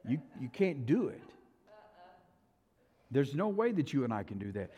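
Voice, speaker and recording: A man preaching a sermon as pastor, telling the story dramatically with loud, high bursts and quiet, plain-spoken asides. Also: big pitch swings, moderate pace, long pauses, breathy edge. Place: church sanctuary. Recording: long hall reverb.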